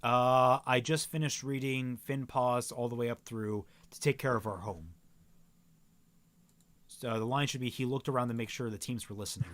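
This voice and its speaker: A man's voice: mid-range voice, normal speed, fairly bright tone, slight background noise. A man co-hosting a casual book reading, reading dialogue aloud with frequent stumbles and self-corrections. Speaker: co-host reading a novel aloud. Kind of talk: casual read-aloud, voicing characters plainly.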